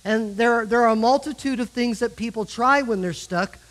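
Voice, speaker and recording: A man's voice: very high voice, moderate pace, fairly bright tone, low-quality recording. A middle-aged man with an American accent, preaching a sermon as pastor and acting out pleas and quotes with rising intensity. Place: church sanctuary.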